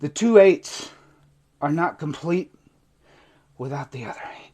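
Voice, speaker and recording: Emotional high-voiced man preaching recovery. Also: lively intonation, a little slow, breathy edge. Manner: emotional and preachy, swings from intense to hushed. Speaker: recovery coach. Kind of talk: impassioned livestream monologue. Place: TikTok live stream.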